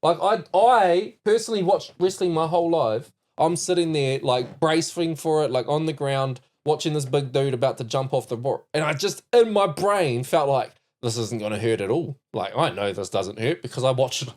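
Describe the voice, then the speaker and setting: A man with a New Zealand accent hosting a podcast, telling a story in lively casual chat and acting out quotes. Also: mid-range voice, normal speed, few pauses. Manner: animated storyteller, laughs and acts out quotes. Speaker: podcast host.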